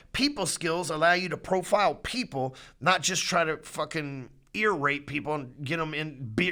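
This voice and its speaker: Brash, swearing man, bright voice. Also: a little high. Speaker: podcast host. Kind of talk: profane motivational sales talk.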